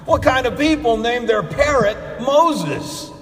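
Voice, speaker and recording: A man puts on a startled burglar, his voice jumping high and loud with disbelief. It sounds thin and altered, unlike his usual tone. It carries a long church reverb. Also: lively intonation, slow pace, heavily acted. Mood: incredulous. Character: startled male burglar caught in the act.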